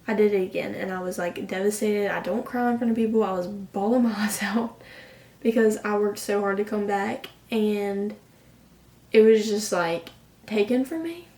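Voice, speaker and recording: A woman's voice: mid-range voice, normal speed, warm tone. A young woman in her late teens telling a personal story in an emotional, rambling way, full of "like". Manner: emotional, rambling, heavy use of "like". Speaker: vlogger. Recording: roomy sound from a distant mic.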